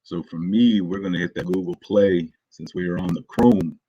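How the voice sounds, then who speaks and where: A man hosting a casual livestream, greeting his chat with hype and friendly shout-outs before talking loosely through a walkthrough in his morning voice. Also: low-pitched, moderate pace, dull audio. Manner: laid-back, loose and rambling. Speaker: crypto livestream host.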